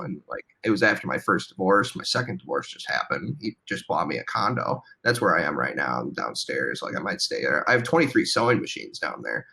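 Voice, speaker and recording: A man's voice: lowish voice, a little fast, gravelly, few pauses. A young man chatting casually as a podcast guest, telling rambling stories full of "like". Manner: animated storytelling, heavy use of "like". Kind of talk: casual chat.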